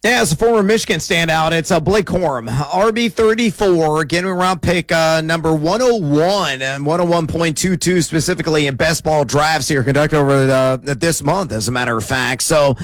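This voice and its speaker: A man breaking down fantasy football picks, rattling off numbers at a brisk clip. His voice sits a bit high for a man. The sound is dry and close, with no room around it. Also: dry recording. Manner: quick, numbers-packed delivery with fillers. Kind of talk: stat-heavy sports analysis.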